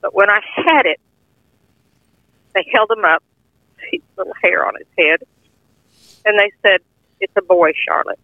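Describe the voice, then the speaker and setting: A woman's voice: mid-range voice, lively intonation, normal speed, long pauses, dry recording. An older woman earnestly telling a heartfelt personal testimony in plain, informal speech. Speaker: guest sharing a testimony. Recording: tinny phone-line audio, dry.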